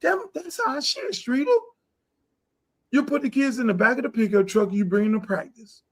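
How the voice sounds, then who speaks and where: A middle-aged man hosting a podcast, ranting loudly and boastfully, with a lot of profanity. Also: extremely high pitch, normal speed. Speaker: podcast host. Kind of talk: heated casual talk.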